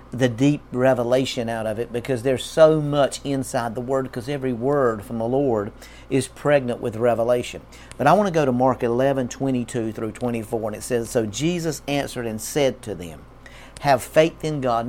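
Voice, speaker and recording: A man's voice: mid-range voice, darkish tone, slight background noise. A man preaching a sermon as a pastor, emphatic and repeating key words.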